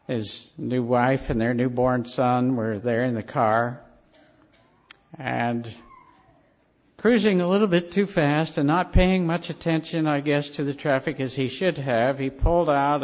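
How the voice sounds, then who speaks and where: A man preaching a sermon, telling stories in slow, emphatic phrases. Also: medium pitch. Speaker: pastor. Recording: dull lo-fi recording.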